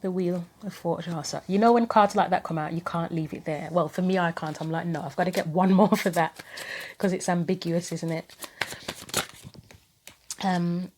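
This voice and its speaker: A woman giving a casual tarot reading to camera, thinking aloud with frequent pauses, earnest and gently sympathetic. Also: fairly low pitch, steady tone, a little hiss or hum. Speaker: tarot reader.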